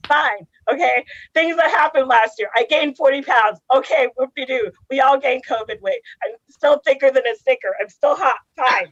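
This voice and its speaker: Woman stand-up comic from Cameroon, high bright voice, sarcastic and rambling; dry, dull lo-fi stream audio. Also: moderate pace, few pauses. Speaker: stand-up comedian. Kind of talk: stand-up comedy set.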